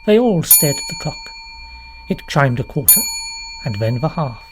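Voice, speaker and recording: A woman from London with a British accent, narrating an audiobook in an expressive, lively storytelling manner. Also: low-pitched, normal speed, noisy background. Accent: British English. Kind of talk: scripted narration.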